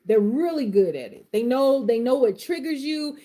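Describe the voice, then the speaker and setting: A woman talks straight to her viewers on a live stream, by turns gently reassuring and fiercely worked up. Her voice sits a little high yet sounds warm and mellow, and her speech is loose and colloquial, full of Southern turns of phrase. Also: animated, normal speed. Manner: impassioned, swings from soft comfort to fired-up outbursts; uses Southern vernacular. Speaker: live tarot reader. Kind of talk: live-stream reading and pep talk.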